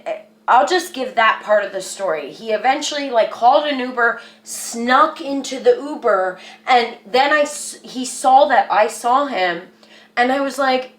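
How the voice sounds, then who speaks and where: A woman's voice: fairly high pitch, expressive, slow, fairly bright tone. A woman telling a personal story to camera in a rambling, earnest way, with lots of "like.". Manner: rambling, earnest, says "like" a lot. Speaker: vlogger. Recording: echoey room.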